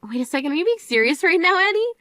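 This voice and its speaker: A woman's voice: extremely high pitch, sing-song, fast, a bit bright, no echo, full character voice. A woman voicing a grieving older sister who scolds in an exasperated, reproachful way in a dramatized story. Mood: furious.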